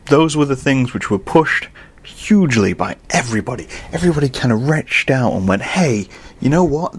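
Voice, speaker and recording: A young man hosting a podcast, ranting casually and swinging from low muttering to loud exasperated outbursts. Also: animated, brisk, a little hiss or hum. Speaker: podcast host.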